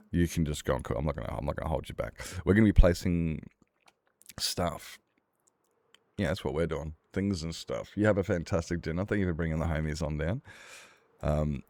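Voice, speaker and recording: A man's voice: rumbling low, a little mellow, dry recording. A man streaming a game, rambling in casual chat with his viewers, swearing freely and laughing often.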